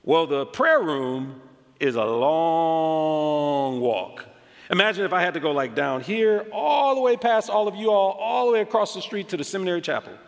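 American preacher with a higher voice in a reverberant hall. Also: male voice, brisk, gravelly. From United States. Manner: animated storytelling with frequent "like" asides. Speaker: pastor. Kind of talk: sermon.

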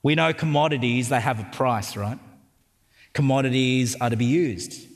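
Speaking at normal speed in a mid-range voice, a man with an Australian accent gives a sermon amid long hall reverb. The pastor stays conversational and jokey, often checking in with the crowd using tag questions.

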